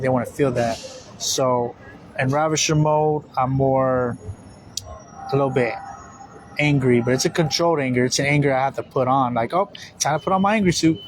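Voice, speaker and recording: Male religious teacher, mid-pitched, rambling casual sermon, steady traffic noise behind. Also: rough recording. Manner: rambling, repetitive, with many fillers.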